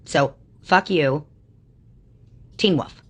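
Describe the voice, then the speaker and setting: A woman's voice: low voice, very slow, slightly rough. A woman livestreaming, ranting at her chat in a combative, mocking way with constant profanity.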